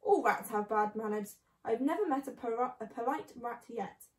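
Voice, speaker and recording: A woman voicing a calm, sensible male badger, in a storybook reading. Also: fairly high pitch, normal speed, echoey room, close to an everyday voice. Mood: grave.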